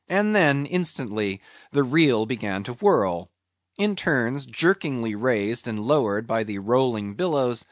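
A man narrates a sea story slowly and evenly, each line measured out. The recording is dull and very dry, with no room sound behind it. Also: medium pitch, no echo. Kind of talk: dramatic narration.

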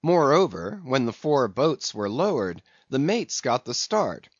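Male audiobook narrator, dramatic, lively pitch; dull, dry audio. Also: measured pace, slightly rough, dry recording. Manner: dramatic, storytelling. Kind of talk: scripted classic novel narration.

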